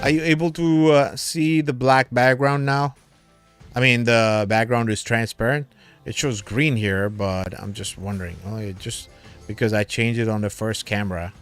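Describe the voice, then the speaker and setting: A man's voice: mid-range voice, steady tone, moderate pace, a bit bright, faint music behind. A man hosting a crypto livestream in a casual, rambling way, a little tipsy from drinking, calling his viewers brother and man.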